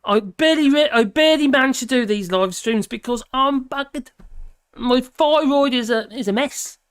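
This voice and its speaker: A woman's voice: high voice, normal speed, clear, resonant tone, dry recording, studio quality. A tired woman, rambling and grumbling in casual chat while reading out comments on her live stream.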